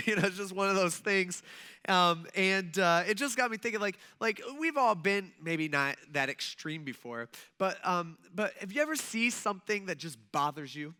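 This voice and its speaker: A man in his thirties preaches a relaxed, story-driven sermon, full of fillers and side comments. His voice is bright and ringing, and it sits a little high for a man. He sounds clean and crisp through the church's sound system. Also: fairly quick. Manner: chatty, full of fillers and asides. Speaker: pastor. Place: church sanctuary.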